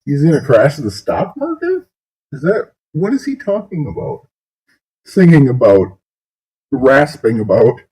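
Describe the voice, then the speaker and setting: Husky man mocking videos between laughs. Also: mid-range voice, wildly swooping pitch, a little slow, dark tone, low-quality recording. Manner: laughs often, incredulous and sarcastic. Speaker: streamer host.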